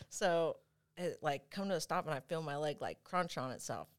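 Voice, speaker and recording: A woman guest speaks in a loose, casual storytelling voice. She is animated and leans on fillers, and laughter slips in often. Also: deep voice, moderate pace. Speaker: podcast guest.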